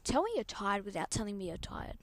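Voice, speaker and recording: A woman's voice: medium pitch, sing-song, a little fast. A Scottish woman hosting a live planespotting stream, rambling chattily and often dropping to a half-whisper. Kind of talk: casual live-stream chat.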